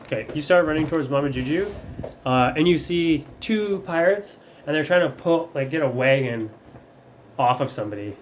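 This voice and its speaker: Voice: medium pitch, expressive, moderate pace, a little hiss or hum. A game master narrating a tabletop pirate game in a loose, rambling way, full of fillers.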